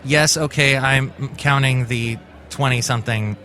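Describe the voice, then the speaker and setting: A man's voice: mid-range voice, fairly even intonation, unhurried, pushed and bright, faint music behind. A man hosting a casual commentary show, rambling and correcting himself as he goes. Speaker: host.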